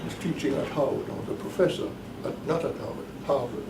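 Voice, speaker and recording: A man's voice: mid-range voice, creaky, very noisy. Emphatic lecturing man in an echoey room. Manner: deliberate, emphatic, repeats key points. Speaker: professor leading a course. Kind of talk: classroom lecture. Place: bookstore cafe classroom. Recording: echoey room, mic at a distance.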